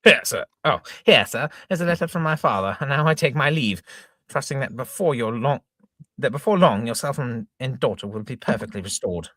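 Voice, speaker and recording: Casting: a man as a polite young suitor, formal and measured, slightly husky. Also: mid-range voice, animated, a bit bright, no echo, clean studio sound. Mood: courteous.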